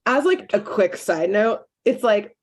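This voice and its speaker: Woman podcast co-host, chatty recapper, slips in lively character quotes, casual delivery. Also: medium pitch. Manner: animated storyteller, quotes characters in quick asides.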